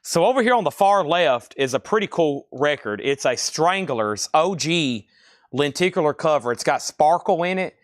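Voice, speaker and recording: A man hosting a live-stream record auction, calling out bids and prices in a loud, projecting voice. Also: a little high, animated, moderate pace, no echo, clean studio sound. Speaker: auction host.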